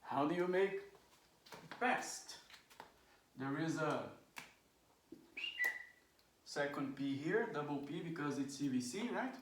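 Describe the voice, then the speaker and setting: Slow woman teaching in an echoey room. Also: low-pitched, lively intonation, far from the mic, noisy background. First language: Portuguese. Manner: slow, drills words aloud, often checks with "right?" and "okay?". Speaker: English teacher. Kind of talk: pronunciation lesson. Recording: roomy echo, voice from away from the mic.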